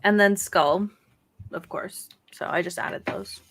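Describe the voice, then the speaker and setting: A woman's voice: medium pitch, slow, fairly bright tone, husky. A woman co-hosting a casual gaming podcast, chatty and laughing often as she searches for names. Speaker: podcast co-host. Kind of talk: casual chat.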